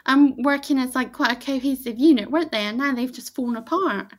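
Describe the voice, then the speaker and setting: Chatty higher-voiced woman. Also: fairly quick. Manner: chatty, laughs often, trails off mid-sentence. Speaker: podcast co-host. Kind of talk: casual chat reviewing a movie.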